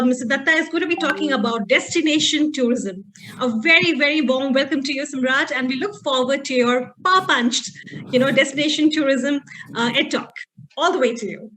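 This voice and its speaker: A woman's voice: high-pitched, bright, forceful tone, slight background noise. A woman hosting an online conference, introducing speakers in an upbeat way with some fillers, on a video call. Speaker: event host. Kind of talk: hosting a webinar.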